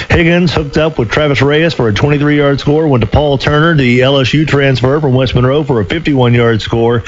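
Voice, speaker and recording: A man's voice: mid-range voice, slight background noise. Chatty man in his sixties hosting sports radio. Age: 60s. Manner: chatty, joking asides between callers. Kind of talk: sports talk call-in radio. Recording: dull lo-fi radio broadcast.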